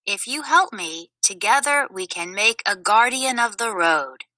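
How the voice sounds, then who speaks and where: A woman voicing a calm, wise desert spirit woman in a storybook reading, close to her own voice. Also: medium pitch, unhurried, no echo, rough recording.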